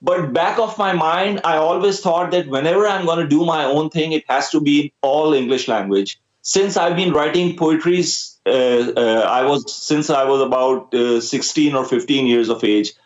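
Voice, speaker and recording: Young Pakistani-accented man, Urdu native, musician guest; slightly high voice, hesitant, echoey muffled audio. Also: normal speed, few pauses. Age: young adult. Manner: hesitant, many uh fillers. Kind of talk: casual interview talk.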